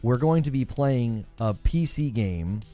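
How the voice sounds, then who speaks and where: Male streamer host, animated casual chatter over a headset mic, soft game music underneath. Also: medium pitch, a little slow. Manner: animated, rambling with repeated fillers. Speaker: streamer hosting a members' stream. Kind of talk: casual live-stream chat while gaming.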